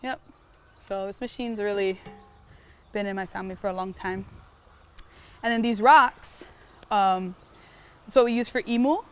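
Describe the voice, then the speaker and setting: A woman's voice: mid-range voice, moderate pace, long pauses, clear, resonant tone. A young woman from Hawaii, a pig farmer telling stories casually and animatedly on a farm tour. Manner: animated, lots of "like", acts out sounds. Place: outdoors on a farm.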